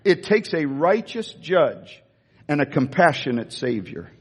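A man preaching a sermon, stressing and repeating key lines, moving between slow weighty phrases and quick asides. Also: fairly high pitch, big pitch swings, slightly rough. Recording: echoey church hall.

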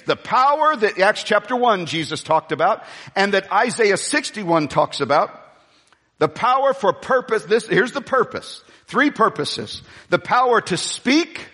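A high-pitched male pastor delivers a sermon, wandering into side stories before returning to call-and-response with the congregation. His voice carries a long reverb, as in a large church auditorium. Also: sharp tone, breathy edge. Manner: rambling, storytelling asides, call-and-response with the congregation.

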